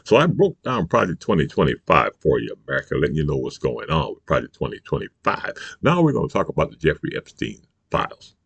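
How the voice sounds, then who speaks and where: A man's voice: a bass voice, wildly swooping pitch, fast talker, vocal fry, few pauses, a bit bright, husky, no echo. A man delivering an angry, profane political rant, emphatic and repetitive, constantly asking if the listener understands. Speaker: political commentator.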